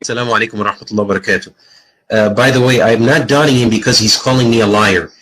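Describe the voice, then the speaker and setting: A man moderating a live online debate, taunting and lecturing his opponent with lively swings in his voice. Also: on the low side, very fast, husky, poor audio.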